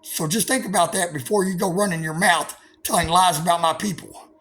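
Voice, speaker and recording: A man with a drawl, talking high in his range, rants combatively to his viewers. His talk is profane and full of stammered fillers, with a faint hiss of noise behind him. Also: fairly even intonation, fairly quick, a bit bright. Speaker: vlogger. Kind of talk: angry profane monologue to camera.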